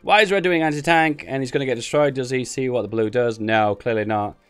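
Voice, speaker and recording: A man's voice: medium pitch, brisk, clean tone, faint music behind. A man giving casual live commentary on a strategy game tournament, thinking aloud and wandering into rambling asides. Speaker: streamer casting a game tournament.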